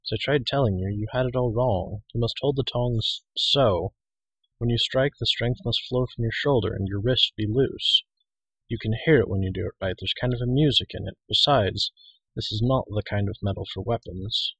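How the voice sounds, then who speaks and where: A man's voice: mid-range voice, normal speed, a bit bright, breathy edge, no echo, poor audio. A man voicing a stout, bald older blacksmith who teases his apprentice dryly. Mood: teasing. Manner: dry, teasing.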